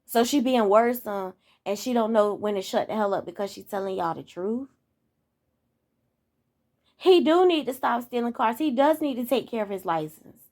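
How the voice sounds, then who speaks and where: A woman's voice: on the high side, lively intonation, normal speed, darkish tone, no room sound, clean studio sound. A young woman in her twenties venting on her channel in a casual monologue, exasperated, repeating herself and throwing out rhetorical questions. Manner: talks straight to viewers, asks rhetorical questions. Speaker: vlogger.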